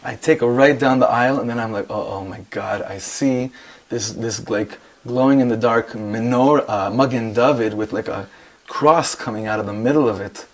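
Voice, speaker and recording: A middle-aged man, a rabbi, telling lively anecdotes full of quoted dialogue before a Torah class. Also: medium pitch, normal speed.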